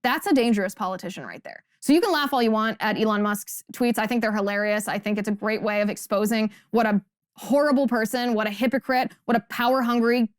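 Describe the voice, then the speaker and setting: A woman's voice: on the high side, fast, no echo, clean studio sound. A young adult woman hosting a political commentary monologue, talking emphatically and indignantly with pointed rhetorical questions. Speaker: host.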